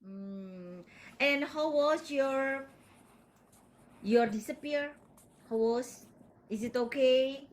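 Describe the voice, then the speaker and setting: A woman calling into a live stream, speaking halting English with many fillers. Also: high voice, poor audio.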